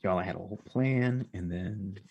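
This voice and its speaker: Deep gravelly guy running a tabletop game, chatty and rambling. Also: normal speed, lo-fi sound. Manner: loose, filler-heavy, chatty. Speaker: game master.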